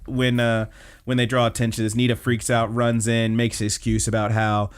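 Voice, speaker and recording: Man, anime podcast host, casual recap, chatty, slightly low voice, smooth tone. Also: monotone, fairly quick. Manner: chatty, acts out characters' lines.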